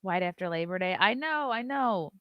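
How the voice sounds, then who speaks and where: A woman's voice: mid-range voice, expressive, moderate pace, dry recording, lo-fi sound. A woman hosting a live-stream show, chatting loosely, reading viewer messages aloud and swearing casually.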